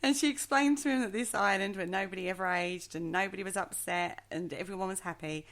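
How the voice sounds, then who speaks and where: In a brisk, mid-range voice with a fairly bright tone, a female podcast co-host shares a legend. Her delivery is chatty and hesitant, and she pokes fun at how she pronounces things during this relaxed storytelling chat.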